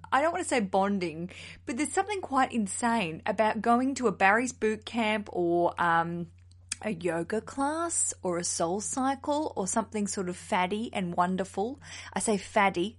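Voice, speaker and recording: A woman, hosting a casual solo podcast in a chatty, animated, self-mocking way. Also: medium pitch. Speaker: podcast host.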